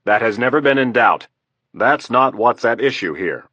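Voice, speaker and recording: A man's voice: medium pitch, lively intonation, moderate pace, pushed and bright, slightly rough, no echo, lo-fi sound, pitched above the performer's own voice. A man voicing a stern male army general who presses his case firmly and urgently.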